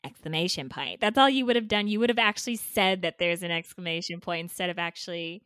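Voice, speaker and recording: Bright, animated woman podcast co-host. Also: fast, clear, resonant tone, dry recording. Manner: animated, playful pitch-person exaggeration. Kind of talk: comedic sibling banter.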